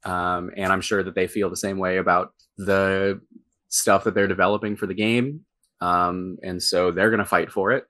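A man's voice: sits low, flat delivery, moderate pace, fairly bright tone. A man who writes for games, talking casually in an interview, rambling with many fillers and restarts. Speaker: game writer.

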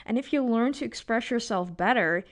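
A woman's voice: on the high side, normal speed. A woman psychologist hosting a solo podcast, talking expressively in a coaching tone and often adding "right?" to her points.

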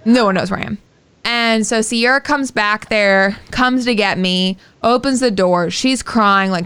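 Young woman, podcast co-host, casual storytelling, very clear voice, dry sound. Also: mid-range voice, steady tone, moderate pace, a bit bright, no room sound. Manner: candid, swears freely, fillers like "like".

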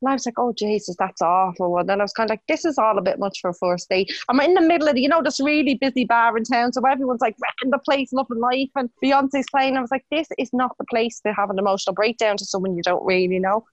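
A woman's voice: a little high, fast talker, hardly any pauses, no echo, dull audio. Chatty Irish woman, dry close sound. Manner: chatty storytelling, laughs often. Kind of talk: casual chat.

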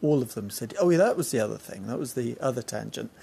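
A man's voice: medium pitch, lively intonation, fast, creaky, warm tone, breathy edge. A man hosting a solo podcast outdoors on a balcony, chatting casually and wandering off on tangents. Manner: rambling, jumps between tangents. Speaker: podcast host.

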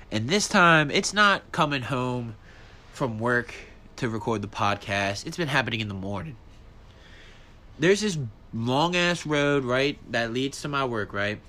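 A man hosting his own podcast, ranting in a casual, profane, animated way, his voice jumping high when he gets worked up. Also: measured pace. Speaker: podcast host. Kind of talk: solo casual podcast rant.

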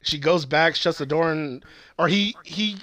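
A man's voice: a little high, a little slow, bright, forceful tone, no echo. A young man casually recapping a TV series, rambling and swearing as he acts out the characters' lines. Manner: rambling, profane, acts out quotes.

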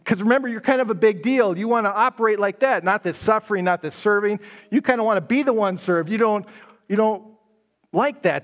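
A man's voice: high-pitched, a little fast. A man pastor giving a live sermon, telling the story conversationally and casting his listeners as the disciple Peter. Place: church sanctuary.

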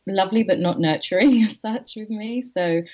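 A woman guest on an interview, candidly telling a personal story in an earnest, halting way with frequent restarts. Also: medium pitch, dark tone. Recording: slightly muffled audio.

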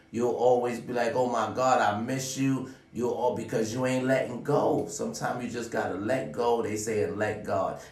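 A man delivering a profane, preachy motivational monologue straight to his viewers, often calling out "ladies and gentlemen.". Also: mid-range voice, far from the mic. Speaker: vlogger giving life advice. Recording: roomy sound, away from the mic.

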